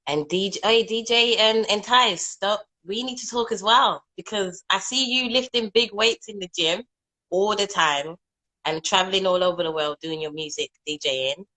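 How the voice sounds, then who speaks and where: A woman's voice: medium pitch, normal speed, bright, forceful tone, poor audio. A woman hosting a casual live video chat on her phone, chatting freely and asking a guest questions. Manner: chatty, scolding her dog between questions. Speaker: host.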